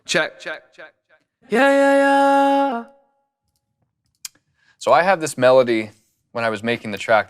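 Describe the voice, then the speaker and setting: A man talking casually through his studio process as a music producer, relaxed and rambling with plenty of fillers, on a studio condenser mic. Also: deep voice.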